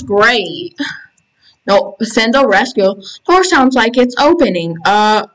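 A woman hosting a gaming channel, giving excitable casual commentary while playing and reading game text aloud, squealing when panicked. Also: a little high, slow pace, low-quality recording. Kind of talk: casual let's-play commentary.

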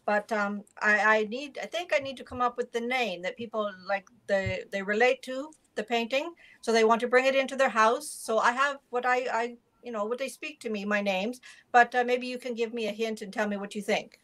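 A woman's voice: a little high, a little fast, hardly any pauses, fairly bright tone, lightly acted. Brief: woman hamming a clumsy, earnest male painter, stumbling speech, mock German accent. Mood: earnest, bumbling. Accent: put-on German-ish accent. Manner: stammering, earnest, comic. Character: bumbling male Dutch painter with a hurt ear.

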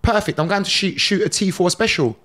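A middle-aged man tells stories as a podcast guest. His voice sits high, and his delivery is lively and slangy, with laughs between lines. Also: fairly quick. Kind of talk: animated storytelling.

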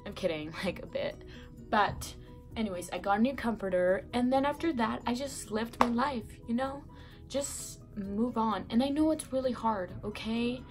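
A woman's voice: a little high, normal speed, over music. A young woman giving casual breakup advice in a vlog, chatty and rambling, with many fillers and self-corrections, sounding a bit sick and congested from her bedroom. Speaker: vlogger. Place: bedroom at home.

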